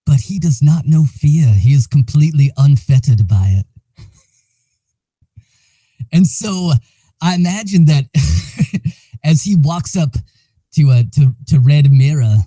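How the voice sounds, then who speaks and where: A man's voice: on the high side, lively intonation, unhurried, dark tone, slightly rough, no room sound. A man playing a tabletop game, talking casually and animatedly, laughing often and swearing now and then. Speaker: player.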